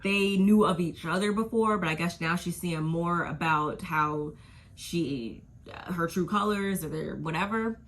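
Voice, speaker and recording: A woman's voice: fairly low pitch, measured pace. A woman giving a casual, gossipy recap of a reality TV episode, full of slang and asides. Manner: gossipy, slangy, drifts into quoting people.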